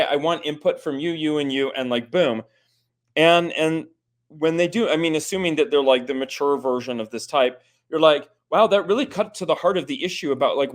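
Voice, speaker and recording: A man in his forties, a guest expert, explaining ideas in a thoughtful conversational way, with many fillers and restarts. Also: a little high. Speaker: guest expert on personality types.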